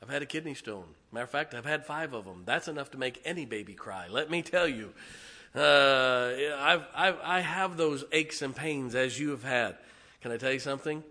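A middle-aged male pastor preaching in a church, his voice bright and ringing. He builds to loud, punchy declarations, then drops to quiet, intimate asides with the congregation. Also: medium pitch, expressive, moderate pace. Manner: swings from shouting emphasis to hushed, tender asides. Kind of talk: sermon. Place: church sanctuary.

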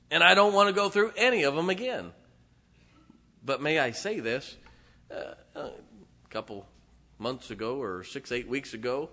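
A middle-aged man, a pastor telling a folksy, animated story to his congregation with laughs and asides. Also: medium pitch. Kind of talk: storytelling sermon. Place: church sanctuary.

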